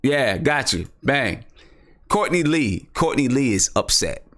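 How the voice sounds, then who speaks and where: A man's voice: medium pitch, very animated, takes it slowly, fairly bright tone. A man hosting a casual live-stream basketball show, thinking aloud and repeating himself as he talks. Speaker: basketball podcast host.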